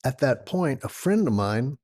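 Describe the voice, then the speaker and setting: A man in his sixties from Texas, a yoga teacher telling stories as a podcast guest, lively and acting out voices. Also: mid-range voice, unhurried. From Texas, United States. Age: 60s. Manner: animated storyteller who acts out quoted voices. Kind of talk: storytelling in a conversational interview.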